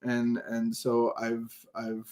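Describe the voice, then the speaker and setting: A man's voice: mid-range voice, monotone, darkish tone. A man co-hosting a recovery podcast, talking earnestly in a casual chat with many false starts. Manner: earnest, halting, many restarts. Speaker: podcast co-host.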